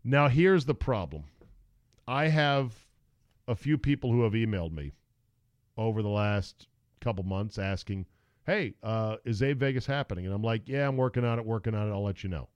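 A man's voice: lowish voice, moderate pace, no echo, dull audio. A middle-aged man hosting a podcast, telling stories in a casual, sarcastic way. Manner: animated storyteller, sarcastic. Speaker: podcast host. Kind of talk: casual chat.

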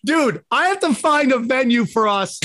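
A man's voice: very high-pitched, lively intonation, measured pace, pushed and bright, a little hiss or hum. A man co-hosting a podcast, trading crude, teasing banter and laughing at his own jokes. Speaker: podcast co-host.

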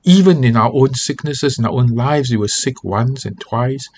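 A man's voice: mid-range voice, normal speed, a little mellow, a little hiss or hum. Earnest male pastor teaching scripture. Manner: earnest, reads scripture aloud with feeling. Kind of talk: devotional Bible teaching.

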